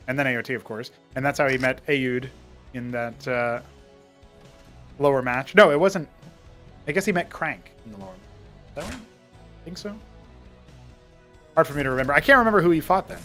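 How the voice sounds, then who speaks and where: A man casting a strategy-game match live, mixing quick play-by-play with rambling trivia asides. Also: mid-range voice, expressive, a bit bright, faint music behind. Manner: chatty play-by-play that wanders into trivia. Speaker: esports caster and show host.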